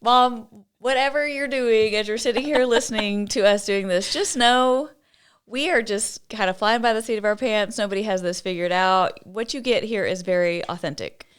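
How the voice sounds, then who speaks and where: A woman from Texas co-hosting a casual podcast, animated and teasing, with quick reactions. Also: medium pitch, smooth. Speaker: podcast co-host. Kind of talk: casual chat.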